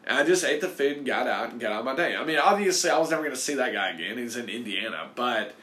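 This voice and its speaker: Animated man telling a rambling story. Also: medium pitch, fast. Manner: animated and rambling, heavy with "like" and "you know". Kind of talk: casual anecdote storytelling.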